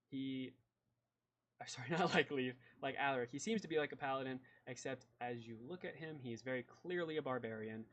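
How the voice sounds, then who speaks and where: A man's voice: mid-range voice, dull audio. A man narrating as game master in a loose, rambling way full of fillers.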